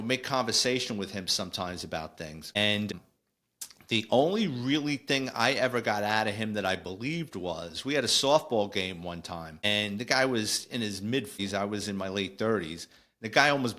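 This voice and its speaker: A man in his fifties, a retired police detective, telling rambling stories on a podcast and acting out quoted dialogue. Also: sharp tone. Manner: rambling anecdotal storytelling, acts out quoted dialogue with pitch jumps. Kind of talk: casual storytelling.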